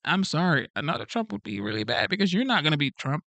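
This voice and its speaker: A man with a fairly high, bright, forceful voice talks fast, with big swings in pitch and some vocal fry, and there's no echo. He came to the country as an immigrant, English isn't his first language, and he hosts a casual livestream where he reads the live chat in an earnest, pleading, repetitive way.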